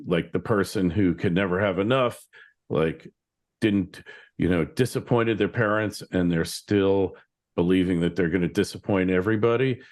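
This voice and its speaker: A man's voice: low voice, a little mellow. A man hosting an interview podcast, musing aloud in a rambling way with many fillers. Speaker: podcast host. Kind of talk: casual interview chat.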